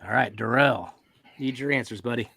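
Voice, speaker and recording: A man's voice: mid-range voice, normal speed, creaky, bright, forceful tone, slight background noise. A man hosting a casual whiskey tasting, teasing and playful with his guests. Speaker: host of a whiskey tasting show. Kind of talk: casual chat.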